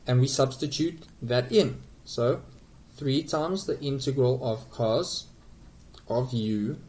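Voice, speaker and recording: Slow-paced man tutoring calculus. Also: medium pitch, darkish tone, poor audio. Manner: slow, patient, with frequent okays and self-corrections. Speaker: math tutor. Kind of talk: explaining calculus on a whiteboard.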